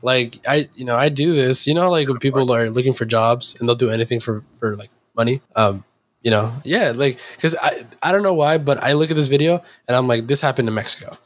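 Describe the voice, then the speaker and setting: A man's voice: medium pitch, fast talker. Rambling man in casual podcast chat. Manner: rambling, lots of fillers.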